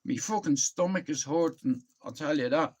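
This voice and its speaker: A man's voice: a little high, moderate pace, a little mellow, a little hiss or hum. A middle-aged man with a Northern Irish accent ranting on his live stream, rambling, heated and swearing often into a phone. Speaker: livestreamer.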